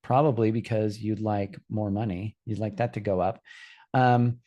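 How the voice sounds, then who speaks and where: A man's voice: lowish voice, fairly even intonation, normal speed, warm tone. Chatty man telling a business story. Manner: chatty, rambling storyteller with many restarts. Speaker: host. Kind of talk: live webinar teaching.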